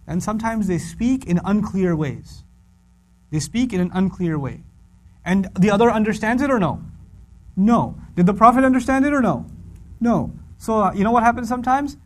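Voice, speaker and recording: A middle-aged man teaching a religious lesson in an animated, conversational way. His voice sits fairly high, and he repeats key phrases for emphasis. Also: normal speed. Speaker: Quran teacher. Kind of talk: humorous religious lecture.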